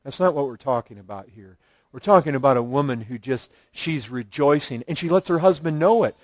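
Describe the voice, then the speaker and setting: A pastor giving an earnest sermon, building emphasis through repeated phrases. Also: male voice, medium pitch, animated, fairly quick, no echo.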